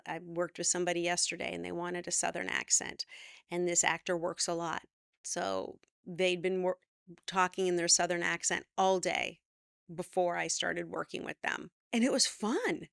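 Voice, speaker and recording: A woman's voice: moderate pace, gravelly, no room sound. Emphatic woman acting coach, dry close sound. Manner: energetic, emphatic, animated with pitch jumps when quoting. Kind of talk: direct-to-camera acting advice.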